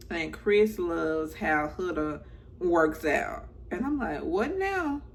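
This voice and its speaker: A woman talks through a reality show recap in a relaxed, drawn-out way, tossing in playful asides. Her voice has a gravelly edge. A little hiss sits under her voice. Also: lowish voice, low-quality recording. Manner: chatty, playful asides and exclamations. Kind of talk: casual recap chat.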